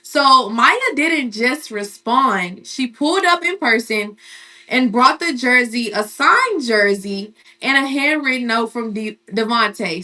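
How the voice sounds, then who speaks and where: A woman's voice: on the high side, pushed and bright, recorded from a distance. A woman co-hosting a casual sports and celebrity chat show, talking in a chatty, emphatic way and repeating phrases for effect. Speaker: co-host.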